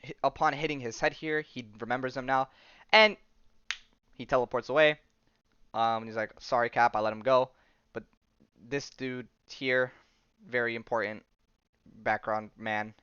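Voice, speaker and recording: Rambling young man with a smooth voice. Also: mid-range voice, steady tone, moderate pace, pauses often, pushed and bright, dry recording. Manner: rambling and enthusiastic, frequent ums and restarts, slangy. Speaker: podcast host. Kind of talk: casual comic book recap. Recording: dull lo-fi sound, dry.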